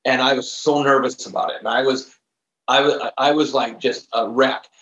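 A man in his fifties, a professional trainer, tells an emphatic story on a podcast in a mid-range voice at normal speed. He's animated and acts out the dialogue himself, and the recording sounds roomy and slightly dull.

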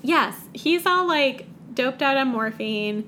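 Woman podcaster, higher voice, sarcastic recap, faint background hiss. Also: lively intonation, pushed and bright. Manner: sarcastic, acts out characters in quick voices. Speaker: podcast co-host recapping a book. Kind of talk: casual chat.

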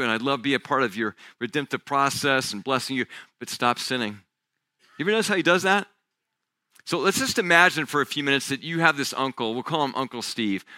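A male pastor preaching a sermon, telling stories in a casual, conversational way, often dropping to a quiet, intense voice when he quotes someone. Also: medium pitch, no echo, clean studio sound. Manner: conversational storytelling with casual fillers.

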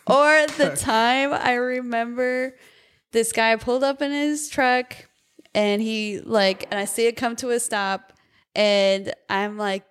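A woman's voice: a little high, fairly even intonation, slow pace, a bit bright, clear, resonant tone. A young woman chatting casually about working at a coffee shop drive-through, laughing often and acting out customers. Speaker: former coffee shop barista. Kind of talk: casual chat.

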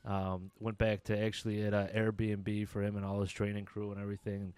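A man's voice: fairly low pitch, monotone, a little fast, a little mellow, clear, resonant tone, dry recording. A young man telling a long story in casual chat, rambling, laughing often and swearing casually.

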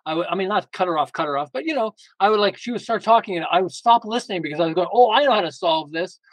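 Older man, slightly high voice, podcast guest, lively storyteller, acts out dialogue, dry close sound. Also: rapid-fire, no echo, low-quality recording. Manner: animated, acts out family dialogue, chuckles often. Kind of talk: casual interview storytelling.

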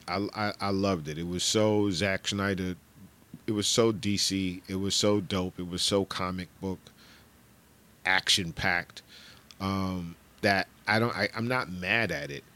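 A middle-aged man hosting a podcast, rambling in casual chat, laughing and swearing, with bursts of shouted impressions. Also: low-pitched. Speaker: podcast host.

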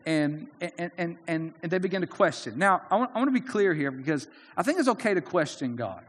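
A man's voice: fairly high pitch, lively intonation, brisk, fairly bright tone, long reverb tail. A man preaching a sermon in an earnest, conversational way, often restarting his sentences. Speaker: pastor.

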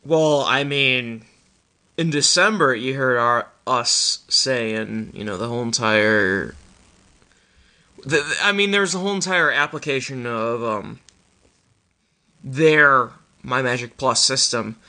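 A man with a Midwestern American accent hosting a casual live-streamed show, animated, with frequent restarts and laughter. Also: mid-range voice, slow. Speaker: podcast host.

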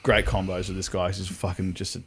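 A man's voice: low-pitched, little pitch movement, a little fast, a bit bright, slightly rough. A man hosting a podcast, laid-back casual chat with swearing and fillers. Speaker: podcast host.

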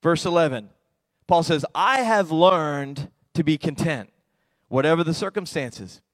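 A middle-aged pastor preaching with lots of energy, his voice on the high side for a man. He drops low and quiet to draw the room in, then builds to loud, excited peaks. The sound is close and dry, with little room echo. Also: unhurried. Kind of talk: sermon.

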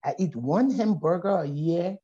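A middle-aged Liberian poet with a Liberian accent and a fairly low voice tells a story at normal speed while a guest in a conversation. She's animated, acting out the voices of her characters, though the audio is dull and lo-fi.

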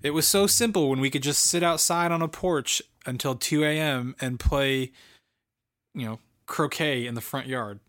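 A man's voice: mid-range voice, normal speed, a bit bright. A man in his late twenties co-hosting a podcast, chatting casually about a movie in a rambling, enthusiastic way with lots of fillers. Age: late 20s. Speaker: podcast co-host. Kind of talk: casual film review chat.

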